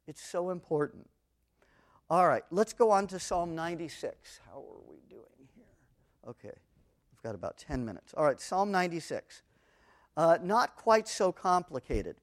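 A man teaching an expository sermon on the Psalms, swinging between booming emphasis on scripture and quiet asides, with a personal story mixed in. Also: sing-song, a little slow, long pauses. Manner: reads scripture aloud with rising intensity. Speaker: Bible teacher.

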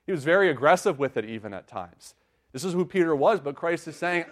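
Earnest young male preacher, slightly high. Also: animated, a little fast. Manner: earnest, conversational, frequent "right?" asides. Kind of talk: sermon.

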